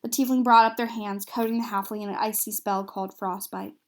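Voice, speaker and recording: A woman's voice: medium pitch, fairly even intonation, a little fast. A woman narrating a recap of a tabletop fantasy game, reading steadily with small slips and restarts.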